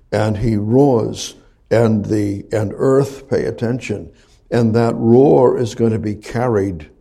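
Slow gravelly male preacher. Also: fairly low pitch, mellow. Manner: slow, halting, repeats phrases and restarts words, rising for emphasis. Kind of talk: sermon, Bible verse exposition.

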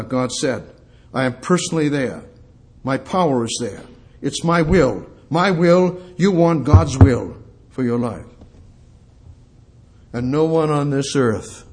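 An older man preaching a sermon, emphatic and repetitive, quoting scripture and putting questions to his listeners. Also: mid-range voice. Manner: emphatic, repeats phrases, quotes scripture, asks the congregation questions.

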